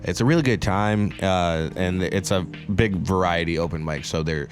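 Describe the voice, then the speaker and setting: A man's voice: sits low, normal speed, soft background music. A young man co-hosting a casual podcast chat, laughing often and retelling quotes with sarcasm. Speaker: podcast co-host.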